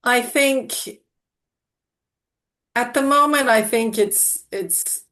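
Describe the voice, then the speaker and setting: A woman's voice: fairly high pitch, drawn-out words, fairly bright tone. A woman publisher answering interview questions thoughtfully, often restarting and hedging her sentences. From half American, not Australian. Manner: thoughtful, with frequent restarts and hedges. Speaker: audiobook publisher.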